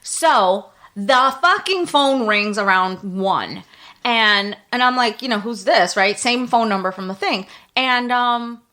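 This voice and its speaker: A woman co-hosting a podcast, telling a story in casual chat and acting out both sides of it with animated voices. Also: a little high, slow. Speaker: podcast co-host.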